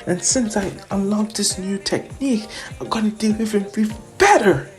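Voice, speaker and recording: Brief: woman putting on a high, squealy, bubbly teen hero girl, breathless and eager. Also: normal speed, soft background music, lightly acted. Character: excitable cheerful teenage hero girl.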